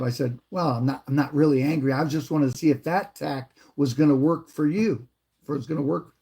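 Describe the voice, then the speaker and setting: A man's voice: medium pitch, steady tone, normal speed, creaky, mellow. A man hosting a livestream, casually retelling an encounter and explaining his views, with frequent restarts. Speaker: livestream host.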